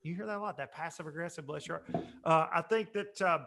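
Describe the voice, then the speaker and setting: Joking high-voiced male podcast co-host. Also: creaky, fairly bright tone. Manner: joking, drawn-out storytelling. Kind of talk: casual podcast chat.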